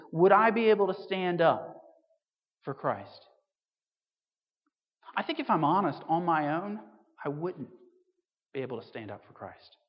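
A preacher giving a conversational sermon to a congregation, asking rhetorical questions and adding wry asides. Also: mid-range voice. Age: 30s or older. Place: church hall. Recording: dull recording with long hall reverb.

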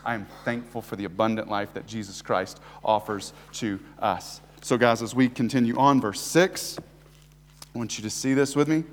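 An American man preaching a sermon as a visiting preacher, swinging between hushed, slow emphasis and loud, rising exhortation. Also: on the low side, steady tone, big-room sound, slight background noise. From United States. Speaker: guest preacher. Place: church sanctuary.

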